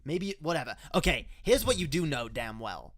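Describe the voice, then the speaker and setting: A man's voice: a little high, big pitch swings, normal speed, dry recording, studio quality. Stammering sarcastic man with an odd accent. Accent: unusual mixed accent. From Canada. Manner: stammering, sarcastic, laughs often, swears. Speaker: commentary video host. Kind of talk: sarcastic reaction commentary.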